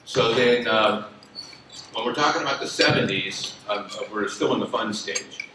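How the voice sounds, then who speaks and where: A man's voice: medium pitch, normal speed. Rambling older man telling a story. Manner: rambling, conversational, many fillers and restarts. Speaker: lawyer telling a story at an association event. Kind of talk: spoken reminiscence to an audience. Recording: echoey room from far off, dinner noise. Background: clinking cutlery and dishes.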